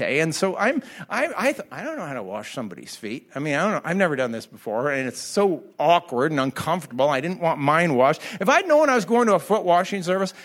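A man's voice: high voice, fairly bright tone. A middle-aged man preaching a sermon to a church audience, telling a humorous personal story and laughing often as he goes. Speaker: pastor. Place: church hall before an audience.

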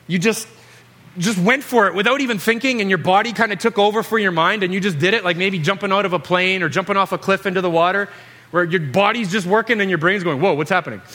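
A man preaching a sermon, retelling a story with jokes and lively, animated asides. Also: high-pitched.

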